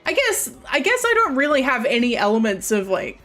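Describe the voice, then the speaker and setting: A woman's voice: high-pitched, big pitch swings, fairly quick, a bit bright, faint music behind. A woman streamer with a light Australian accent, chatting casually to her viewers in a rambling way, often restarting and correcting herself.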